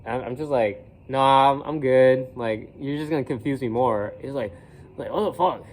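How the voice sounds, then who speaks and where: A man's voice: steady tone, normal speed, a little mellow. A young man, a college student, telling a rambling story in a casual vlog, full of slang, swearing and fillers, and acting out his classmates' voices. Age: young adult. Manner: acts out classmates' voices with pitch jumps.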